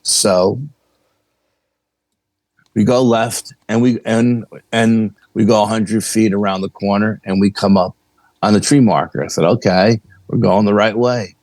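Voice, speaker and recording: A man's voice: lowish voice, measured pace, dry recording. A man, a podcast guest casually recounting a story and acting out the dialogue. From New York. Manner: animated, acts out dialogue in the story. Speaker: podcast guest, paranormal investigator.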